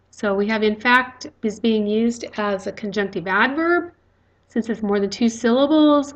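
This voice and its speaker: A woman teaching a recorded grammar lecture, explaining step by step with frequent fillers. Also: on the high side.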